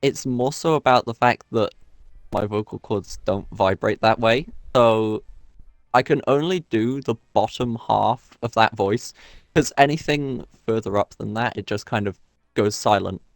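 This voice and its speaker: A man chatting on a game stream, halting and self-deprecating as he rambles through explanations. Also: lowish voice, no room sound, clean studio sound. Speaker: co-player on stream. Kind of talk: casual gaming chat.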